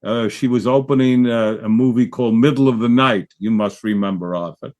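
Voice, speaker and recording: A man hosting a podcast, chatting reflectively and gently. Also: mid-range voice, fairly quick, muffled recording. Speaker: host. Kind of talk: casual chat.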